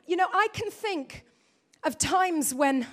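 High-voiced woman preaching with animated storytelling. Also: slow pace. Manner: animated storytelling, self-mocking. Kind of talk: sermon.

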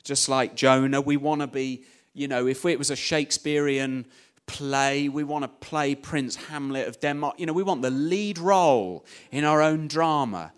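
A man's voice: mid-range voice, normal speed, clean tone. A man preaching a conversational sermon, retelling a story with many "you know" asides. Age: adult, young child at home.

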